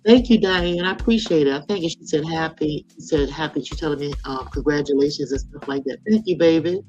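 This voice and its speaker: A woman's voice: low-pitched, fairly quick, a little mellow, highs cut off, faint music behind. A woman in her sixties hosting a casual live chat, talking frankly in a folksy way and laughing often. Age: 60s. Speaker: live stream host.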